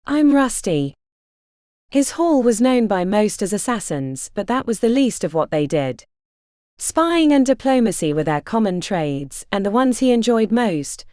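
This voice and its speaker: A woman narrating a fantasy audiobook in an expressive storytelling manner. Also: medium pitch, no echo, clean studio sound.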